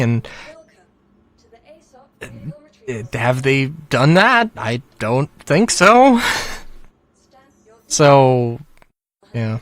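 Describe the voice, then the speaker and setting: A man's voice: medium pitch, very animated, very slow, pauses often, a bit bright. A man ranting casually about a game, frustrated and rambling, with many fillers, sighs and short laughs. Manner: laughs between phrases. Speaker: gaming commentator. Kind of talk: casual rant to camera.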